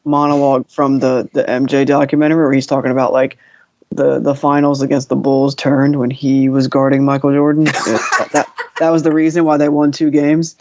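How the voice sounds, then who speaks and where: Podcast guest, rambling and giggly, mid-pitched, on a muffled low-fidelity mic. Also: flat delivery, fairly quick, a little mellow, a little hiss or hum. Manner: rambling, giggly, filler-heavy. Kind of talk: casual chat. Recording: dull lo-fi mic.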